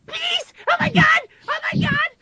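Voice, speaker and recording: Cartoon boy, panicky and shrill,; drawn-out delivery, very bright tone. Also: level tone, exaggerated voice. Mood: panicked shrieking. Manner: screaming in high-pitched panic.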